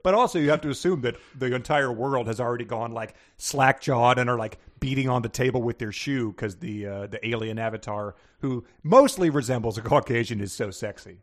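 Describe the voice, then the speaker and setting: A man co-hosting a podcast, joking in a casual chat with animated asides and laughter. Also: mid-range voice, brisk, hardly any pauses. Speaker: podcast co-host.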